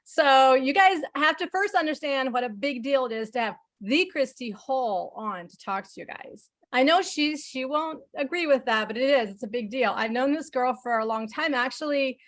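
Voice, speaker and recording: A woman introducing a guest on a business call in an excited, gushing way. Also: high voice, moderate pace, hardly any pauses. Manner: excited, gushing, says y'all. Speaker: call host introducing a speaker. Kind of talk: enthusiastic introduction.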